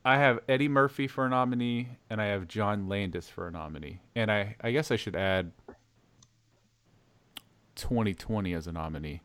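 Guy hosting a movie podcast, bright tone, laughs a lot, acts out lines. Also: lowish voice, normal speed, a little hiss or hum. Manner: laughing often, acting out quoted lines. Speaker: podcast host. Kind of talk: casual movie podcast chat.

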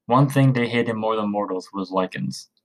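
A man voicing a stern, gruff middle-aged father and leader in a storybook, speaking gravely. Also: lowish voice, moderate pace, close to an everyday voice, rough recording. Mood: solemn.

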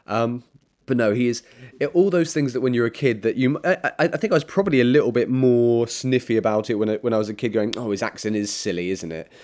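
A man's voice: medium pitch, quick pace, a little mellow. A man co-hosting a casual film podcast, thoughtful and self-deprecating. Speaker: podcast co-host. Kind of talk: casual film-discussion chat.

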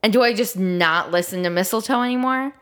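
A woman's voice: medium pitch, fairly quick, a bit bright. A young woman in her twenties co-hosting a casual podcast, slightly nasal, chatty and giggly, often trailing off mid-thought. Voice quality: a little nasal. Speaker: podcast co-host.

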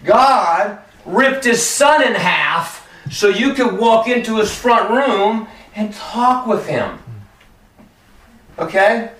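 Animated preacher man in an echoey room. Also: high-pitched, takes it slowly, recorded from a distance. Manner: animated and conversational, joking, acting out quotes. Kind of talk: sermon.

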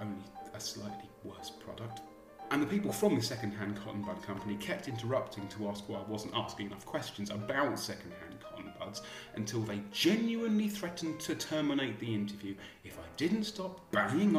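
A man delivers a dry, wry story that sounds scripted. His low voice moves a lot in pitch. He is recorded in a roomy, echoey space with music playing behind him. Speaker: podcaster and journalist.

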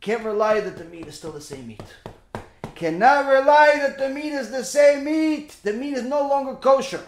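High-voiced man teaching in an echoey room. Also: moderate pace. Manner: animated, peppers points with "okay?" and "right?". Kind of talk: informal lesson with storytelling.

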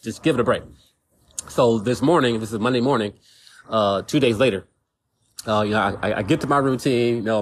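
On a casual solo podcast, a man with a voice on the low side rambles as he talks things through, repeating words and saying "you know what I'm saying". There's slight background noise.

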